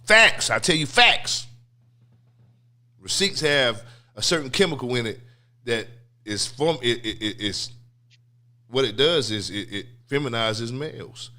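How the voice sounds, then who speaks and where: A man in casual podcast chat, animated and streetwise, often repeating "you know what I'm saying.". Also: medium pitch, measured pace. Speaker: podcast co-host.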